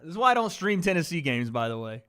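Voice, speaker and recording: A streamer reacting live to a football game rants angrily to his chat, swearing heavily and snapping back at viewers in frustration. His voice is on the high side, bright and forceful, fast-paced with big pitch swings.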